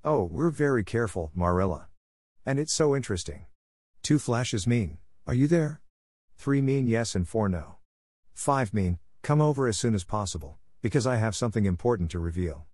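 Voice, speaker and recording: A man's voice: fairly low pitch, animated, moderate pace, darkish tone, dry recording, studio quality. A man voicing an eager, chatty, imaginative young girl who gushes and pleads breathlessly. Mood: pleading.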